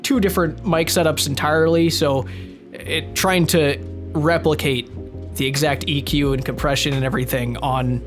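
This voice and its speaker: A man who makes gaming videos, answering viewer questions in a relaxed, casual chat and swearing freely. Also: fairly high pitch.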